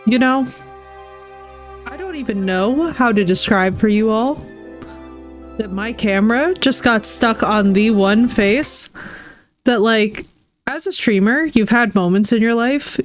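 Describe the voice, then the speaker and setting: A woman's voice: a little high, unhurried, long pauses, faint music behind. Playful, swearing woman streaming a game. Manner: playful, swearing, laughing, chatting with viewers. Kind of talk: casual live-stream chat over gameplay.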